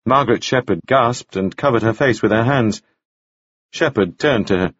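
A man reading a novel aloud as narrator, measured and expressive. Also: medium pitch, husky, no echo. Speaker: audiobook narrator. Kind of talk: scripted narration. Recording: dull, dry lo-fi audio.

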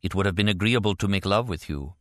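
A man's voice: low voice, quick pace, fairly bright tone, dry recording, studio quality. A man voicing a proud, fierce young woman agent who speaks solemnly and bitterly.

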